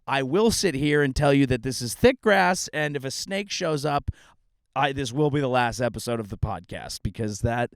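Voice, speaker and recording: A man hosting a comedy podcast, delivering a rambling, sarcastic monologue outdoors in a grassy meadow, now and then bursting into shouts. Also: medium pitch, moderate pace, dry recording, studio quality. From California.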